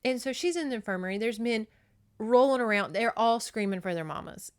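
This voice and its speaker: A woman podcast host recapping a novel in a chatty, profane, animated way. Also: a little high, a little fast, clean tone. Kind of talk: casual book recap.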